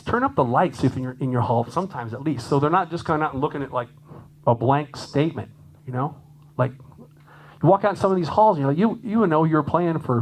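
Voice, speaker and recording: A man giving a lively, chatty clinic talk to a conference audience as a jazz drummer, laughing often and acting out quoted voices. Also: medium pitch, rough recording.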